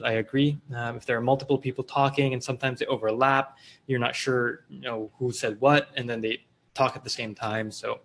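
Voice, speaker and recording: A man with a Filipino accent hosting a casual live-stream Q&A, reading viewer comments aloud in a loose, chatty way with fillers and restarts. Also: medium pitch. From Philippines. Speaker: host of a live online Q&A.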